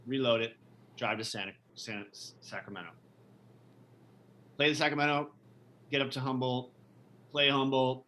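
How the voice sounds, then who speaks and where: Bright-voiced, rambling, profane man. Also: medium pitch, steady tone, moderate pace, long pauses, slight background noise. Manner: rambling, profane, with many restarts. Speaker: musician and podcast guest. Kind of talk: casual storytelling.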